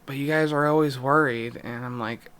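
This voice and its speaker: A man's voice: mid-range voice, fairly even intonation, fairly bright tone, smooth. Distressed young man confiding on camera. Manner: halting, pausing, voice dropping. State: distressed, near tears. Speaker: YouTuber. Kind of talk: emotional vlog confession.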